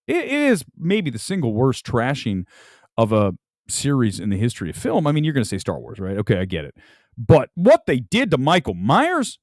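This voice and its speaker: Ranting, animated male movie critic. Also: moderate pace, no echo, clean studio sound. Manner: animated, ranting, swings from loud outbursts to low mutters. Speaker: film critic show host. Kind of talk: opinionated livestream movie talk. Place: home room with film boxes and jerseys.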